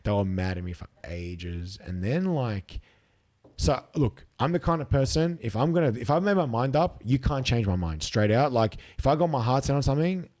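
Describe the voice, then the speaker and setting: A man's voice: mid-range voice, animated, moderate pace, darkish tone. An Australian man in his thirties, a competitive eater telling stories casually and acting out quotes, swearing freely. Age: 30s. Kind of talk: casual storytelling with profanity.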